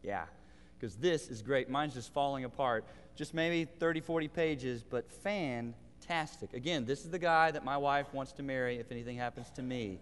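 A man's voice: mid-range voice, normal speed. A man in his thirties, a pastor, preaching a sermon in an earnest voice that builds to emphatic declarations. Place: church sanctuary. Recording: long reverb of a large hall.

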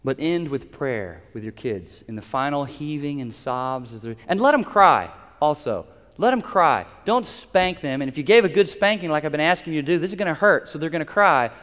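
A man preaches to his congregation in an earnest, instructive way, with a somewhat high voice. Long reverb from a large hall trails each phrase. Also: lively intonation, normal speed, few pauses, a bit bright. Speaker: pastor. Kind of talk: sermon.

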